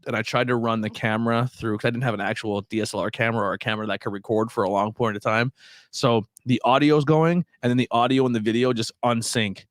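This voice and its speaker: A man with a medium-pitched, fairly even voice talks quickly on a dry, studio-quality recording. Hosting a casual podcast with friends, he tells energetic stories, swears freely and acts out the voices of people he quotes.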